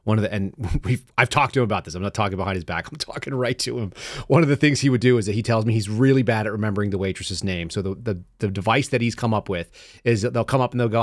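A man hosting his podcast, talking fast and casually and laughing now and then at his own stories. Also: on the low side, no echo, studio quality. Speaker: podcast host. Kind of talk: casual talk show monologue. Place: studio.

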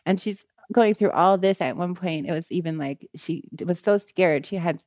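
A woman telling a story in a casual, animated way, often adding "you know" and "right?" between phrases. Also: normal speed, dry recording, clean studio sound. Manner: gets louder and higher when she quotes the people in the story.

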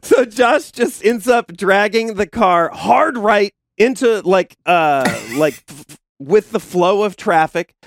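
High-voiced man telling a wild story. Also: takes it slowly, no room sound, clean studio sound. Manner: animated storyteller, acts out quoted people with sudden high yelps; profane, laughs through his own stories. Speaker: podcast co-host. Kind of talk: casual storytelling chat.

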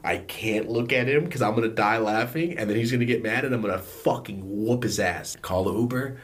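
A young man tells a story straight to camera in a somewhat low voice, swearing freely as he goes. He jumps between hushed asides and loud outbursts. He talks like he is chatting with friends. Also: a little fast. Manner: profane, animated storytelling with outbursts. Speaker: vlogger.

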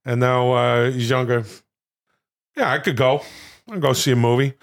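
A man's voice: medium pitch, steady tone, normal speed, pauses often. A man co-hosting a comedy podcast, rambling and fumbling over names as he talks. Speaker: podcast co-host. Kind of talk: casual comedy chat.

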